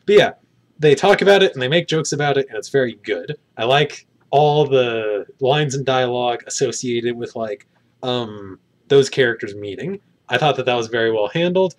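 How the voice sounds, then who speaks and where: A man's voice: medium pitch, expressive, normal speed. A man giving a casual spoken film review outdoors, rambling and hedging with many fillers.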